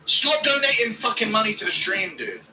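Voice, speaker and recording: A man's voice: sing-song, moderate pace, sharp tone, a little hiss or hum, low-quality recording. A man hosting a fight watch-along stream, chatting casually, reading out donations and cracking crude jokes. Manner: crude, jokey, does squealing high-pitched impressions.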